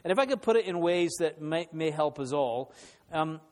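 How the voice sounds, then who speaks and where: Man preaching at a conference, emphatic, repeats key lines, higher voice, echoing hall. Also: lively intonation, normal speed, darkish tone. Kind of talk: sermon. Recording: long hall reverb.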